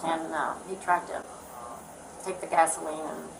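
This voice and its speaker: A woman's voice: sits low, flat delivery, moderate pace, vocal fry. An older woman, the suspect's wife, answering police hesitantly and trailing off. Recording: noisy body camera audio.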